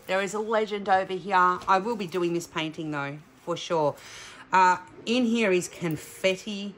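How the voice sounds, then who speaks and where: Bright-voiced woman unboxing. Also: fairly low pitch. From Australia. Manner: chatty, talks straight to viewers. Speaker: diamond painting channel host. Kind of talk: casual unboxing vlog.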